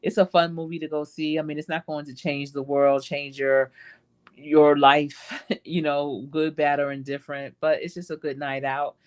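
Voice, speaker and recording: A woman's voice: low-pitched, little pitch movement, normal speed, smooth. A woman hosting a casual live stream, talking in a chatty, reflective and encouraging way and acting out quoted asides. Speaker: host.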